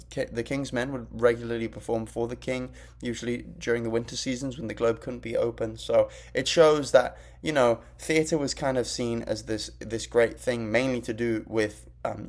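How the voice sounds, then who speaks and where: A young man speaking to his class in a chatty, informal manner. He talks his points through as they come to him. His pitch sits in the ordinary middle for a man. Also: vocal fry. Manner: conversational, explaining on the fly. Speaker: student presenter. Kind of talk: class presentation.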